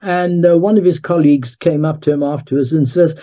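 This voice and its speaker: A man speaking as an author and guest in an interview, measured and emphatic, as if lecturing. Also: on the high side, fairly even intonation, mellow, muffled recording. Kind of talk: conversational interview.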